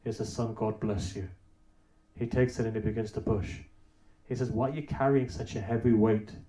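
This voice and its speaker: A man's voice: on the low side, fairly even intonation, normal speed, mellow. A man preaching a sermon, telling a story with rhetorical questions and building to emphatic peaks. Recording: roomy echo.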